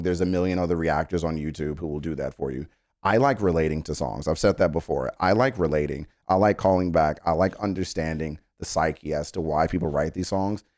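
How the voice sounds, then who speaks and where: A man's voice: low-pitched, a little mellow, no echo, studio quality. A man hosting a music reaction live stream, talking earnestly to his chat, rambling with stammered restarts and casual swearing.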